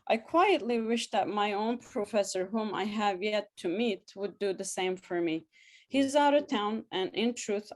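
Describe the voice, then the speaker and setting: A woman telling a lively memoir. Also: medium pitch. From abroad, newly arrived student in the story. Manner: lively, wry, laughs through lines. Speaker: memoir storyteller. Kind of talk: first-person storytelling, live reading.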